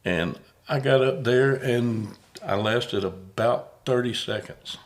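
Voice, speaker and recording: A man's voice: medium pitch, slow pace. A man hosting a podcast in casual conversation, folksy and rambling, often repeating words as he starts a thought. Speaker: podcast host.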